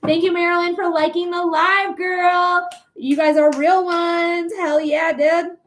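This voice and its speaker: A young woman with a high voice hosts a live psychic reading stream. She chats casually with viewers, laughs a lot and swears freely. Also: little pitch movement, unhurried.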